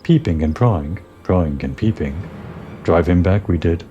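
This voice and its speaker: A man's voice: low-pitched, a little slow, warm tone, dull audio, a little hiss or hum. A man voicing a squawking, agitated bird-beast tribesman who speaks in terse inverted phrases, reading game dialogue aloud.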